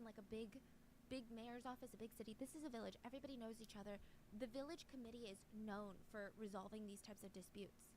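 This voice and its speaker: A woman casually telling a dramatic story in an animated, chatty way. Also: medium pitch, background noise. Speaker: storyteller host.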